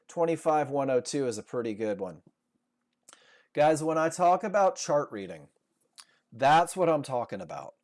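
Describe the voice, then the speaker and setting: A man leading a live online trading class, animated and jokey, repeating points as he coaches. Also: a little high. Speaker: trading instructor.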